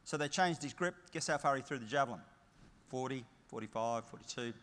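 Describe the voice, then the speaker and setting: A man's voice: mid-range voice, fairly quick, fairly bright tone. A middle-aged Australian man giving a motivational conference keynote, emphatic and story-driven with punchy short phrases. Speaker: keynote speaker. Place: large conference hall. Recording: long hall reverb.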